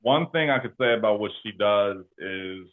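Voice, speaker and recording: A man's voice: fairly low pitch, expressive, moderate pace. A man who owns an insurance agency, speaking as an interview guest over a call, in a coaching tone that keeps checking whether the listener follows. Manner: coaching tone, checks in with "okay?" and "makes sense?". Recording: tinny phone-like line.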